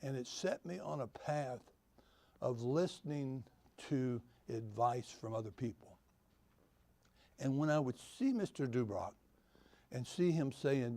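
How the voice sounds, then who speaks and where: A man talks to a conference audience about the real estate business. His voice has a gravelly, creaky edge at a middle pitch, and he tells homespun stories with dry humor, driving his points home by repeating them. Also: darkish tone. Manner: storytelling, homespun humor, repeats key phrases. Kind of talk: folksy motivational talk to an audience. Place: conference venue.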